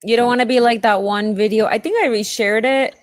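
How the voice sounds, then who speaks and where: A young adult woman co-hosting a casual livestream, telling stories bluntly and quickly. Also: on the high side, fairly even intonation, dry recording, studio quality.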